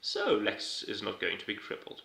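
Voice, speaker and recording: A man recaps casually, rambling and swearing with an irreverent edge. His voice is bright and forward. The room around him is noticeably roomy. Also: lowish voice, wildly swooping pitch, moderate pace, creaky, slight background noise. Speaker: video host recapping a TV episode. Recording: roomy echo.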